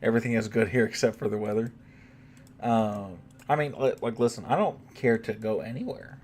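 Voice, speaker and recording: A man's voice: lowish voice, fairly quick, a little hiss or hum. A young man with a Southern US accent and a slight twang, chatting casually and cursing freely while streaming a game. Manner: relaxed, rambling, swears freely. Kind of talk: casual chat while gaming.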